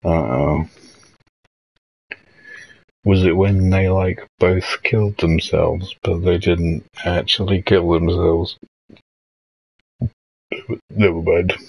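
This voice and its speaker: A man's voice: deep voice, steady tone, slow, gravelly, pauses often, darkish tone, husky, rough recording. A young man hosting a casual late-night livestream, rambling and hesitant as he reads out chat messages. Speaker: livestream host.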